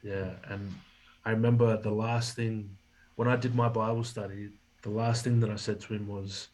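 Aussie guy telling a story in an interview, husky low voice, pretty flat delivery, acts out what people said. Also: normal speed, low-quality recording. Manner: animated storyteller, acts out quoted dialogue. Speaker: podcast guest, former rugby league player.

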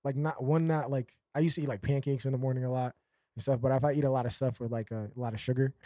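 A man's voice: medium pitch, steady tone, fast, dark tone, no room sound. Guy on a podcast rambling, lots of um and like, laughs a bunch, dry close sound. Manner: laughs often, rambling with fillers. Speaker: podcast co-host. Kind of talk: casual chat.

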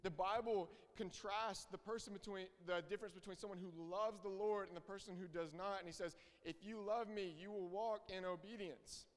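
A man's voice: high voice, steady tone, moderate pace, few pauses. A young man preaching a sermon, earnest and emphatic, repeating his key phrases. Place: church hall. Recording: reverberant hall.

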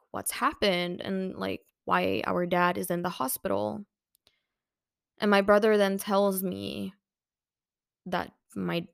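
A young woman recounts a painful personal story on her podcast. Her voice is medium in pitch with a gravelly, fry-heavy edge. It is recorded dry and close, with no room around it. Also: fairly bright tone, no echo. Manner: emotional, many "like" fillers. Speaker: podcast host.

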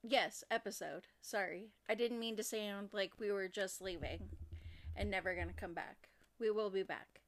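Her voice is mid-range with fairly even intonation. She's a young Oregonian co-hosting a laid-back true-crime podcast, and her speech stops and starts, full of fillers and restarts.

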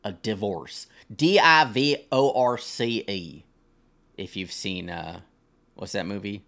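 A man's voice: on the low side, takes it slowly. A young man co-hosting a casual podcast, reading online posts aloud and reacting with swearing and jokes. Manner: animated, swears freely, laughs and jokes about the posts. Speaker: podcast co-host.

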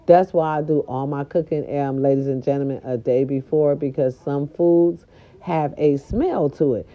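Woman vlogger, casual storytelling, sassy and expressive, mellow tone, muffled lo-fi sound. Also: fairly low pitch, a little slow. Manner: sassy, animated, talks straight to viewers. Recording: dull lo-fi recording.

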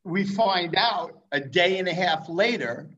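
Man, high voice, lively swooping pitch, casual storytelling, dull lo-fi recording. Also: a little slow. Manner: lively, checks in with rhetorical questions.

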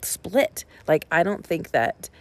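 A woman pastor with a low, gravelly voice talks through her sermon afterward. She rambles conversationally, full of small fillers and side remarks, thinking aloud rather than preaching. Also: lively intonation, slow. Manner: rambling and conversational, with frequent ums and asides. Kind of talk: casual spoken reflection on a sermon.

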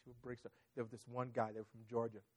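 A man preaching a sermon, telling a personal story in an animated, conversational way. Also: mid-range voice, fast talker. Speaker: pastor.

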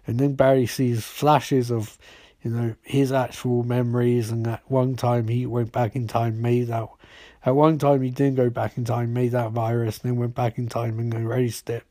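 A man hosting a podcast, recapping a TV episode in a rambling, sarcastic way and slipping into quick voiced quotes of the characters. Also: mid-range voice, level tone, mellow, no echo, studio quality. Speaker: podcast host.

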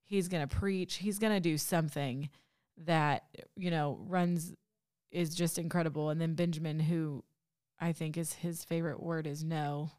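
Chatty, low-voiced woman podcast host. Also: steady tone, normal speed, darkish tone, clear, resonant tone. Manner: chatty, laughs often, trails into restarts. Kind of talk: casual conversational interview.

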